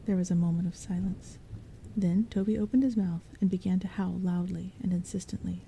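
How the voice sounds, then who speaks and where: A woman reading a novel aloud as a soft-spoken bedtime story, in a soft, breathy half-whisper. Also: on the low side, fairly even intonation, fairly quick, a little hiss or hum, low-quality recording. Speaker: audiobook reader. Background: soft rain and thunder.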